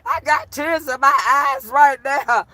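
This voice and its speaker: A woman giving animated, laughter-filled reaction commentary to her livestream chat, teasing and petty. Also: sits high, unhurried, no echo.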